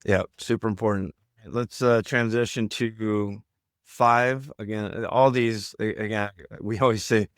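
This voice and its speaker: A man's voice: lowish voice, steady tone, a little slow, no echo, clean studio sound. A man co-hosting a podcast in casual chat, emphatic and coaching, often checking in with "right?". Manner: coaching, emphatic, tag questions. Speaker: podcast co-host.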